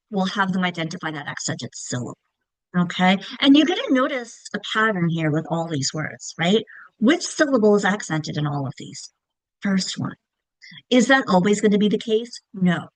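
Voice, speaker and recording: A woman giving a casual, clear instructional presentation on reading, stretching example words to show emphasis. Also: medium pitch, no echo, low-quality recording. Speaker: literacy teacher trainer.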